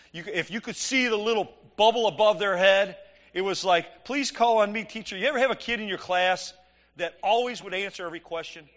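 A middle-aged man preaching, telling an animated, joking story and acting out the dialogue. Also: sits high. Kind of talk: sermon storytelling.

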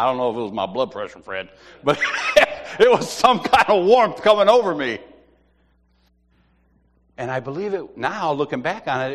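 A middle-aged man sharing a personal faith testimony as an animated storyteller who laughs and repeats himself. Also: medium pitch. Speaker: church member sharing a testimony. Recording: long hall reverb.

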